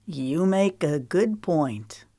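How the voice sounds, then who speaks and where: Woman putting on a laid-back young guy, teasing and soft, pitched lower than her own voice, dry close sound. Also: lively intonation, extremely slow, breathy edge, no echo, full character voice. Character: easygoing young man, teasing and friendly.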